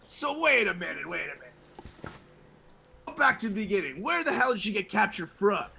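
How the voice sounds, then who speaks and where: A man voicing a brash, loyal male warrior who talks loudly and swears in disbelief. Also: high voice, very animated, moderate pace, vocal fry, a little hiss or hum, full character voice. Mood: baffled. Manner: loud, incredulous, swearing.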